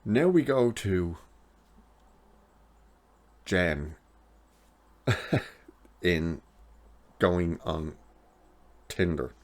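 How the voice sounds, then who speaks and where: Very deep-voiced man recapping an episode. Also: lively intonation, extremely slow, pauses often. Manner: rambling retelling, many filler "like"s. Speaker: TV episode reviewer.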